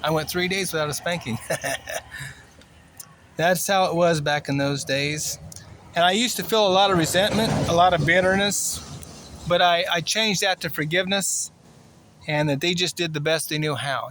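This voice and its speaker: A man in his sixties from Cuba telling a personal story in a plainspoken, rambling way, with many fillers and pauses. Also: on the high side, steady tone, sharp tone, slight background noise. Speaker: vlogger.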